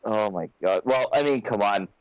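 A man's voice: lowish voice, moderate pace, smooth, no echo. Rambling man on a dull, dry podcast line. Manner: rambling, restarts often, animated storytelling. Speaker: podcast co-host. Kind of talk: casual chat. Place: home.

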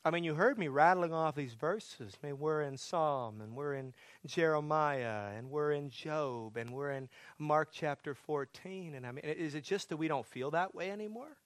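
A man's voice: a little high, moderate pace, hardly any pauses, no room sound. A man preaching a sermon as pastor, earnest, building to pleading, emphatic questions.

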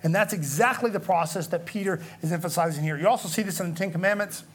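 A man teaches through a Bible passage in a relaxed, explanatory way. His voice sits fairly high, and he keeps stopping to check that his listeners are following. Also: fast talker, husky. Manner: conversational, explanatory, frequent "okay?" check-ins.

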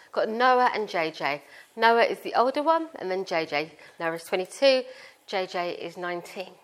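A woman's voice: mid-range voice, fairly bright tone. Middle-aged British woman, preacher; informal, chatty sermon delivery with homely examples. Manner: chatty, informal, explains with family stories. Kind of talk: conversational sermon.

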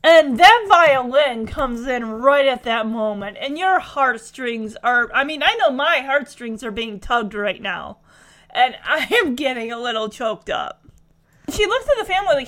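A woman's voice: sits high, lively intonation, unhurried, a bit bright. A young adult woman reviewing a TV episode in casual commentary, chatty and emotional, with lots of fillers.

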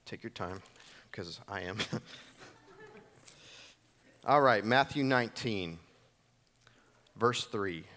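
A man's voice: on the low side, slow pace, long pauses, pushed and bright. A man in his thirties, a pastor preaching a sermon in a church, telling stories with acted quotes and laughing along. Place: church hall.

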